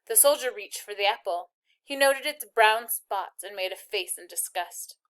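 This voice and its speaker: Woman narrator reading a chapter aloud, steady and expressive, medium pitch. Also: normal speed. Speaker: reader.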